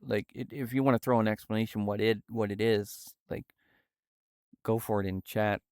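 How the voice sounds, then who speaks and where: Streamer, young man, low clear voice, slow and halting, soft-spoken, dry close sound. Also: fairly even intonation, no room sound. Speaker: livestreamer. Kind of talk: casual livestream chat. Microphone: VR headset setup.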